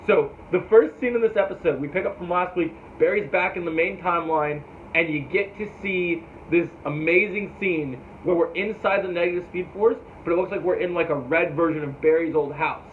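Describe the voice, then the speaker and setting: Casual male reviewer with a higher voice, loose and foul-mouthed, tinny phone-like sound. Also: normal speed. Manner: rambling and profane, sometimes mimics characters. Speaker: TV show reviewer. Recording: tinny phone-like audio with faint noise.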